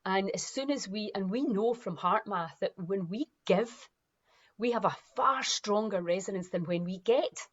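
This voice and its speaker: A woman's voice: medium pitch, moderate pace. Woman giving a fired-up motivational talk, lots of emphasis, bit muffled lo-fi sound. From Scotland. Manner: animated, emphatic, acts out voices of others. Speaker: wellness movement founder.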